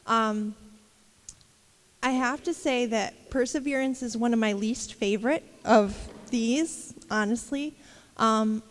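High-voiced woman giving a rambling devotional talk. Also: a little mellow. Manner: candid, rambling, with many fillers and laughs. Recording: long reverb.

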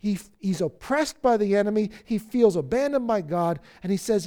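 A man's voice: high voice, lively intonation, moderate pace, hardly any pauses. Man preaching a dramatic sermon. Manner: dramatic, acts out the psalmist's cries and swings from loud outbursts to near-whispers. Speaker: pastor.

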